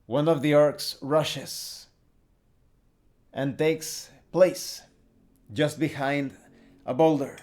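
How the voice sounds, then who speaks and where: Slow, steady man explaining a tabletop game. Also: a little high. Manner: steady, explanatory with small restarts. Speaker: host and solo game player. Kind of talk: solo tabletop game tutorial narration.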